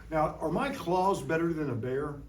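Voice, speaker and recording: A man teaching a lively science lesson to young children in a classroom, playful and full of call-and-response. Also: a little high, moderate pace, heavy background noise. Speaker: science educator visiting a class. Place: school classroom. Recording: roomy room from a distant mic.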